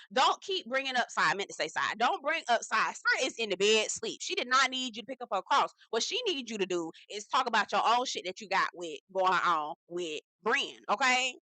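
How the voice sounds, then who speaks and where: A woman's voice: fairly high pitch, bright, forceful tone, no room sound, rough recording. A young woman, hosting a casual, chatty reality TV recap and slipping into the cast's voices. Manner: chatty, sassy, slangy storyteller acting out quotes.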